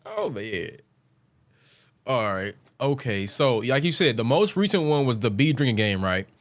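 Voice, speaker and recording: A man's voice: mid-range voice, big pitch swings, a little slow. A man hosting a casual podcast interview, laid-back and laughing often. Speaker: podcast host.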